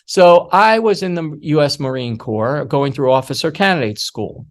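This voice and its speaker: A middle-aged man giving a workshop masterclass on security awareness, telling stories in a lively way and acting out the voices he quotes. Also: on the high side, normal speed.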